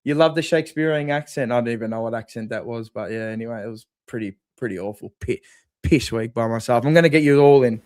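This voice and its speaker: A man's voice: medium pitch, quick pace, darkish tone, no room sound, studio quality. An Australian man hosting a live post-game fan stream, reading chat and bringing in callers with blunt, profane, sarcastic banter. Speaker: fan channel host.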